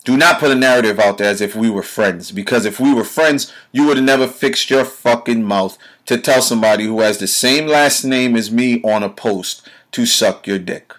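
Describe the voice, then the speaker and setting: A man's voice: medium pitch, normal speed, few pauses, fairly bright tone. A man, hosting his own show and delivering a heated, profane monologue straight at the listener. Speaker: show host.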